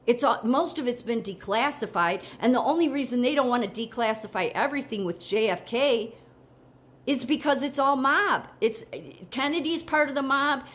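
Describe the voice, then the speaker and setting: A woman's voice: high voice, normal speed, fairly bright tone. An American woman giving a heated, rambling opinion monologue as a commentary vlogger, indignant, with frequent restarts.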